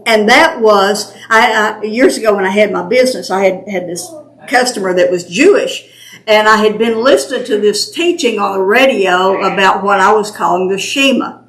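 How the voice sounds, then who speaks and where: A woman's voice: mid-range voice, normal speed, fairly bright tone. A woman with an East Tennessee Southern accent leading a small group Bible study, chatty and patient, laughing easily. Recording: roomy home recording.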